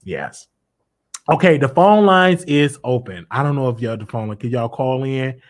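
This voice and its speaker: A man with a medium-pitched voice hosts a live call-in show, speaking at a moderate pace. He chats casually and with animation, frequently restarting and repeating his phrases as he talks with callers on the live stream.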